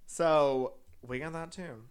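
A man's voice: fairly high pitch, slow pace, clear, resonant tone. A man from Texas casually chatting and recapping a TV show with a co-host, swearing freely. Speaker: podcast co-host.

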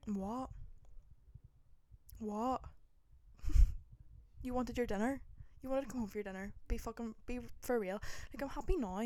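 A woman's voice: on the high side, unhurried, long pauses, a little mellow, no echo. Chatty young woman. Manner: swears a lot, dramatic, lots of likes. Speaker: podcast host. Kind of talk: casual storytelling chat.

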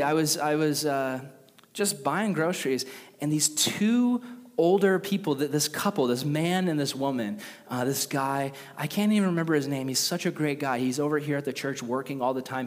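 A young adult man preaching a sermon, animated and conversational, with casual asides to the congregation. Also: on the high side. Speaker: pastor. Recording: reverberant hall.

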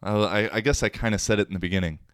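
A man's voice: fairly low pitch, racing, smooth, dry recording, studio quality. A young man hosting a solo podcast, chatting casually in a slangy, rambling, self-mocking way. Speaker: podcast host.

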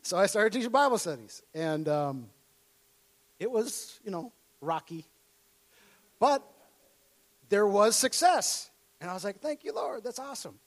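A Minnesota preacher with a fairly high voice tells a personal story as his sermon, at a measured pace with frequent pauses. He laughs a lot and voices his younger self with excitement.

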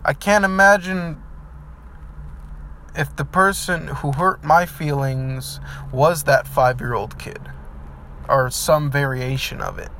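A man's voice: fairly high pitch, fairly even intonation, slow, fairly bright tone, slight background noise. A man speaking in an earnest motivational vlog monologue, heartfelt and rambling with fillers, then blunt and emphatic. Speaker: vlogger.

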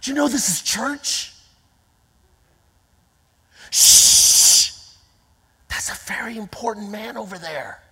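A woman's voice: medium pitch, very animated, slow pace, pauses often, breathy edge, whispered, full character voice. A woman preaching a sermon voices a self-important religious bystander who scolds someone for crying out, in a long, reverberant hall. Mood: scolding hush. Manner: hushed scolding, then loud and stern.

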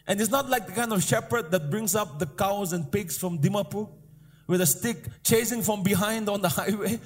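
In an echoing hall with faint music, a high-pitched pastor delivers a live sermon at a normal pace. He keeps repeating emphatic declarations and prompting the congregation to respond.

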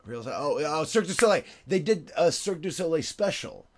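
A man's voice: on the high side, expressive, fairly quick. Giggly rambling man from Venezuela. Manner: rambling, giggly, full of fillers. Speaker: podcast host. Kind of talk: casual chat.

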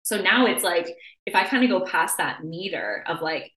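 A young adult woman hosting a podcast in casual chat, animated and constantly saying "like" as she acts out her own inner voice. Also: lowish voice, brisk, roomy sound, poor audio. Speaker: podcast host.

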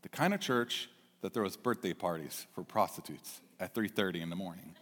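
A man voicing a humble male pastor who speaks softly, low and measured. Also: expressive, in a large hall, close to an everyday voice. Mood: solemn. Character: quiet, earnest male pastor, calm and humble.

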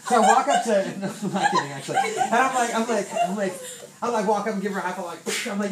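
A man in his thirties rattles through a testimony to a church group. He talks quickly and acts out what other people said along the way. He sounds distant from the mic, in a roomy space with a faint hum of ambience behind him. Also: high-pitched. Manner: animated storyteller, lots of fillers and acted-out quotes. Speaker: church member sharing a testimony. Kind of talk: casual spoken testimony to a group.

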